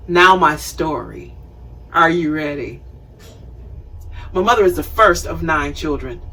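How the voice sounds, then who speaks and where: A woman in her fifties hosting a talk show, telling a personal story in an animated, conversational way and acting out scenes. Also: mid-range voice, breathy edge, far from the mic, low-quality recording. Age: 50s. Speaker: show host.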